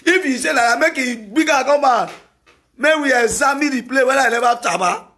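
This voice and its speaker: A man with a Nigerian accent, hosting a talk show and delivering an opinionated monologue, emphatic and repetitive with bursts of shouting. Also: very high-pitched, fairly quick.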